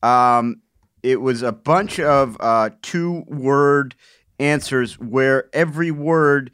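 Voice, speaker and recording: A man's voice: mid-range voice, slow, fairly bright tone, clear, resonant tone, no echo, clean studio sound. A man co-hosting a podcast, chatting casually and playfully about crossword clues, rambling with fillers. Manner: rambling, playful, breaks into goofy put-on voices. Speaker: podcast co-host.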